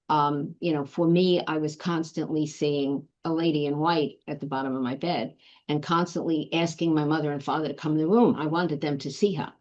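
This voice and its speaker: A woman with a very deep voice, talking reflectively and pausing often as she recalls things. The sound is dull and lo-fi. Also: fairly even intonation, a little mellow. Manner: reflective, with filler ums. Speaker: guest. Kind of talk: casual conversation.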